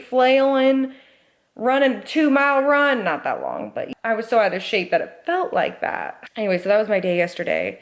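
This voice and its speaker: A young woman vlogging casually, telling a story with lots of "like" and acting out the voices of the people in it. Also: fairly high pitch. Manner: animated, acts out quoted voices, frequent "like".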